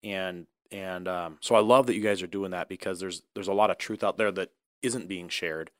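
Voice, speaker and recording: A man's voice: low-pitched, steady tone, normal speed, fairly bright tone, no room sound, clean studio sound. A man hosting a casual interview, upbeat and encouraging, prompting his guests. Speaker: host.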